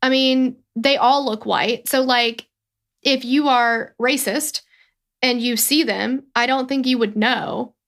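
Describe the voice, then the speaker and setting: A woman's voice: on the high side, fairly even intonation, slow pace, fairly bright tone. A woman co-hosting a true-crime podcast, chatting casually and rambling with lots of fillers. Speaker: podcast co-host.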